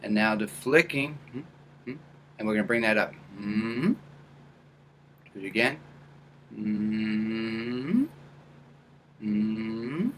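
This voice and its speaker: A man teaching a lesson, calmly guiding and demonstrating small hums and nasal sounds as examples. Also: medium pitch, a little hiss or hum. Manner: demonstrates hums and small vocal sounds between calm guidance. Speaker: acting coach. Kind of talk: instructional tutorial.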